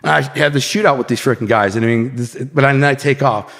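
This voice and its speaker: A fast talker with a creaky, slightly bright mid-range voice, this Detroit podcast guest casually tells a street story in vivid slang, acting out the scenes with sound effects. He's from Detroit, United States, and the recording has a long hall reverb and faint music behind him.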